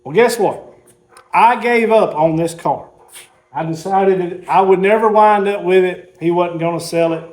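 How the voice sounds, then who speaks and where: A man, casually telling a rambling story while showing his car collection. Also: fairly high pitch. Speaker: car hobbyist host.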